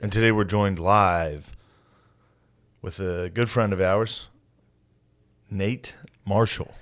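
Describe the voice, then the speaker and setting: A man co-hosting a comedy podcast in a studio, teasing and cutting in with quick reactions during casual chat. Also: on the low side, fairly even intonation, a bit bright. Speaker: podcast co-host. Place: recording studio.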